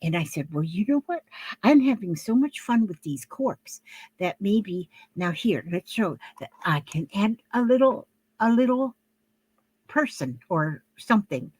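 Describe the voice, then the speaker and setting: A woman's voice: medium pitch, very animated, measured pace, darkish tone, husky, dry recording. An older woman talking casually to camera at home while she shows her handmade crafts, rambling and homey, with lots of fillers and restarts.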